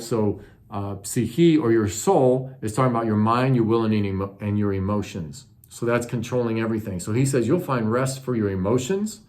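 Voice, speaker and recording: A man preaching a sermon in an earnest, conversational teaching manner, asking his listeners questions. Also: medium pitch. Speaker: pastor.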